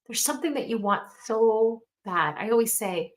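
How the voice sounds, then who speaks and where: A woman's voice: a little high, lively intonation, normal speed, hardly any pauses. A middle-aged woman coach giving an earnest motivational talk, telling a family story and speaking straight to her listeners. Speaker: mentorship coach.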